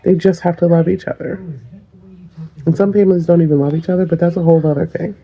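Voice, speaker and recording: A woman's voice: fairly low pitch, steady tone, quick pace, lo-fi sound, a little hiss or hum. A woman, a mother, talking to the camera in a casual vlog with a slight Southern US accent, frank and joking in manner.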